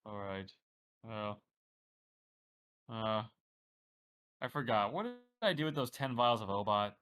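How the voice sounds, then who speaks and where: A man's voice: lowish voice, lively intonation, slow, fairly bright tone, clear, resonant tone. A man playing a tabletop game in character, hesitant with stammering restarts. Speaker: player. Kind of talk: tabletop role-play in character.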